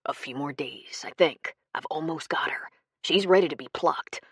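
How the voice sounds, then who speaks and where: Brief: a woman doing a slick male swindler in an audiobook, oily charm with menace underneath, low and dry. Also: lively intonation, moderate pace, dry recording. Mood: whispering. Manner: fake charm turning cold and cruel. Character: smooth adult male con man, menacing.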